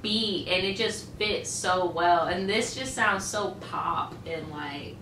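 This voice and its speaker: A woman's voice: lowish voice, slow pace, fairly bright tone, recorded from a distance. A woman co-hosting a podcast in casual chat, chatty and teasing. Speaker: podcast co-host. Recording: echoey room with faint noise.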